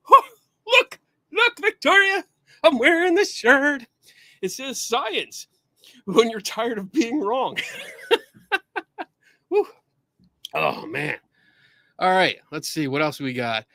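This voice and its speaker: A male podcast host chatting casually on a livestream, excitable, laughing often and swearing casually, a bit out of breath. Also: on the high side, dry recording. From Buffalo, New York.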